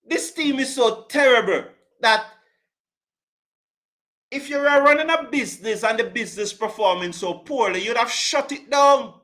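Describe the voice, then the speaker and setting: This man's voice is very high, animated and a bit bright, moving at a normal speed. He's a cricket show host running a live stream, answering chat comments with passion and heavy emphasis, repeating himself a lot.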